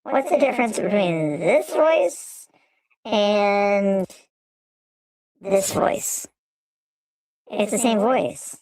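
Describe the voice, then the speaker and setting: A man testing a high-pitched voice changer filter on his livestream. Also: lively intonation, very slow, long pauses, a little mellow, no echo, full character voice, low-quality recording. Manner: curious, trying out each setting.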